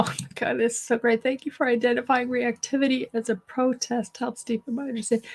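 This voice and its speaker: A woman's voice: on the high side, little pitch movement, moderate pace. A middle-aged woman who is losing her voice, hosting a live session and thanking viewers by name. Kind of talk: live stream, reading viewer comments.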